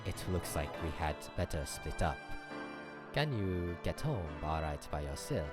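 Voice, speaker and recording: A man's voice: deep voice, very animated, measured pace. A man doing a suave pigeon with a fake French accent. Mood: cautious. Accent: put-on vague French accent. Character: suave, teasing male pigeon gentleman, mock French. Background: game background music.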